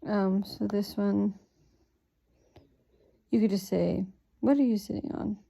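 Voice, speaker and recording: A tired woman reads a children's picture book and stops to explain how to prompt kids with it. Her voice is gravelly and very dark, and she stays relaxed and unhurried, with plenty of fillers. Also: medium pitch. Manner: relaxed, thinks aloud with fillers. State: sleepy, yawning. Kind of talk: reading aloud and explaining teaching prompts.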